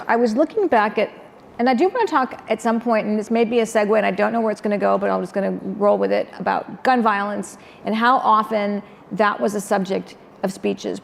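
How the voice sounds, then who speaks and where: A woman's voice: medium pitch, vocal fry. A woman moderating a panel discussion, asking long, meandering questions with many ums. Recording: long hall reverb with faint noise.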